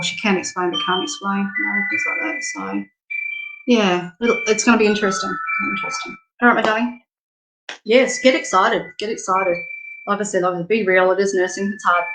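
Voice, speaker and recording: A middle-aged woman with an Australian accent chats through a spiritual reading on a live stream. Her voice sits at an everyday pitch, and her delivery is frank, affectionate and full of easy laughter. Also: background noise. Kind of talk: casual live-stream chat.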